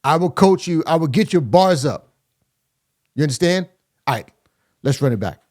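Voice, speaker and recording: A man's voice: fairly high pitch, animated, moderate pace, a little mellow. A man hosting a music reaction video, chatting casually as he breaks down rap lyrics and scats rhythms to explain them. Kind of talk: casual rap critique commentary.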